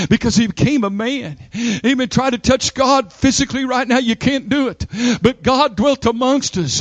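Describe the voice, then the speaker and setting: A man preaching a sermon in a rhythmic call-and-response style, repeating phrases and building up to shouted lines. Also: very high voice, no echo.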